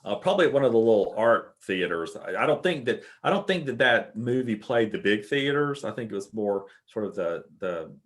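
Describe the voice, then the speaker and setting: A man's voice: lowish voice, expressive, fairly quick, hardly any pauses. A man appearing as a guest author, talking casually and hesitating, often repeating words as he thinks. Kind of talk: casual chat.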